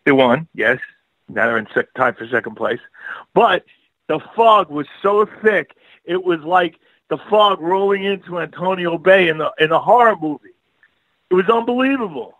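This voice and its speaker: A New man chats as a guest on a late-night radio show. His voice swoops up and down a great deal, sitting a little above the usual pitch for a man, and the sound is dry and close. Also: normal speed, no echo, phone-quality sound. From New York. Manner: lively, animated storyteller. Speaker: guest author. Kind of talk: casual radio interview chat.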